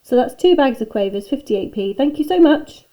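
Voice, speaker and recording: A woman's voice: high voice, expressive, normal speed, dark tone, pitched above the performer's own voice. A woman reading aloud as a chatty, eager male shopkeeper in a children's storybook. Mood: cheerful.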